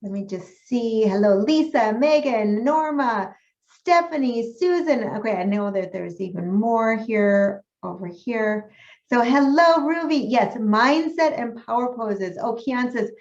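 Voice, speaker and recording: A woman's voice: a little high, animated, takes it slowly. A woman coach teaching a live webinar, upbeat and encouraging, asking her audience questions over a video call. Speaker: health coach trainer. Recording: echoey room, dull lo-fi sound.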